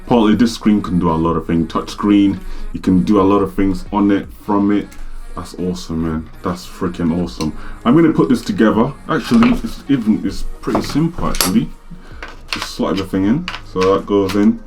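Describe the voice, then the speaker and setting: Excitable young man, deep voice. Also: brisk, soft background music. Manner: excitable, slangy, exclaims often. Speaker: vlogger. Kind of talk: casual unboxing vlog. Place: home studio.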